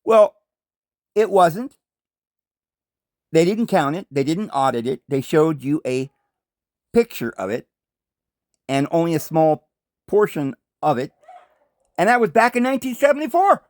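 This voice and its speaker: Brief: American male host, solo commentary, emphatic and questioning, slightly high voice, dry close sound. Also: very animated, measured pace, pauses often, darkish tone, dry recording. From United States. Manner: emphatic, rhetorical questions, conspiratorial asides. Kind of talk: commentary monologue.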